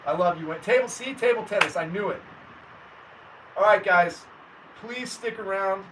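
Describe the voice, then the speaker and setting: A high-pitched male voice at a moderate pace belongs to a livestream host who casually reads comments and welcomes viewers by name. Faint background noise comes through a distant mic.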